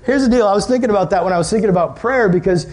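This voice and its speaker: A man's voice: sits high, very fast. A young man preaching a casual youth sermon, telling stories animatedly with lots of "like" fillers. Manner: animated storytelling, many "like" fillers. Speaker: youth pastor.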